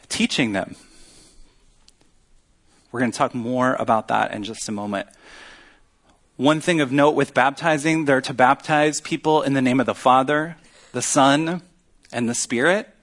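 A man preaching a sermon as pastor, earnest and teaching, with emphatic pauses. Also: mid-range voice, a bit bright.

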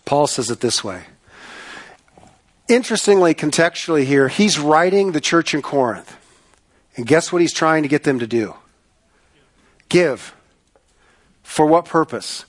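Earnest preacher man, higher voice. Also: animated, a little slow, pauses often. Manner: earnest, repeats phrases for emphasis, rhetorical questions. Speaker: pastor. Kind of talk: sermon.

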